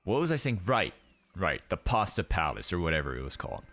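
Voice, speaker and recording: Young man, low voice, very animated pitch, casual rambling chat, stops and restarts a lot, soft music behind. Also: a little fast. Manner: rambling storytelling with many restarts and acted-out quotes. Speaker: streamer host. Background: faint background music.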